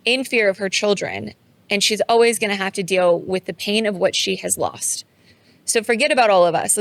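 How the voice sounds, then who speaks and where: A woman with a mid-pitched voice co-hosts a casual podcast chat. She tells of recent events with steady indignation. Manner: indignant, recounting events in a steady conversational flow. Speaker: podcast co-host.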